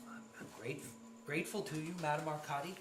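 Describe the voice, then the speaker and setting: A woman's voice: low-pitched, fairly quick, echoey room, faint music behind, lightly acted. A woman playing a flustered, stammering husband in an amateur stage play. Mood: polite. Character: flustered male husband, exasperated gentleman.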